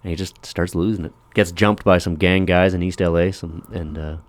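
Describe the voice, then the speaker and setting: A man casually chatting on a podcast, telling a film's plot with lively acted-out lines. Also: low voice, normal speed, dry recording. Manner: animated storytelling, acting out film scenes in raised voices. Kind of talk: casual chat.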